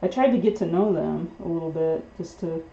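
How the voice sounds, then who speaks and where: A woman's voice: on the low side, brisk, dark tone, lo-fi sound. A woman host casually telling a long story on a livestream, rambling with many fillers and restarts. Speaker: pet bird channel host.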